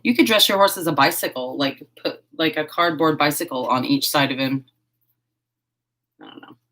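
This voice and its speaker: Giggly, chatty woman with a lowish voice. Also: normal speed. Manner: chatty, giggly, thinks out loud. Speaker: host of a horse-themed channel. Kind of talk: casual live-stream chat while crafting.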